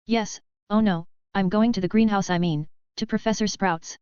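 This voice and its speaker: A timid schoolboy who stammers when put on the spot as a woman narrator reads him, in a very smooth, clear voice. The recording sounds dull and dry. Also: mid-range voice, steady tone, moderate pace, a little mellow, no echo, lightly acted. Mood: nervous. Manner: stammering and nervous.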